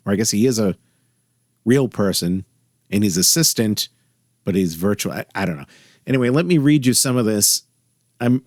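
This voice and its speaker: A man's voice: mid-range voice, a little mellow, no echo. A man hosting a solo podcast, talking in a dry, sardonic way with wry asides. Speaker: podcast host.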